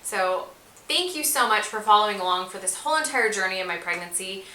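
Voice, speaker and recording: Bright, chatty young woman vlogging. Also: medium pitch, animated, brisk, echoey room, slight background noise, poor audio. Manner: chatty, gushing, many fillers like "like". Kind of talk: casual chat to camera.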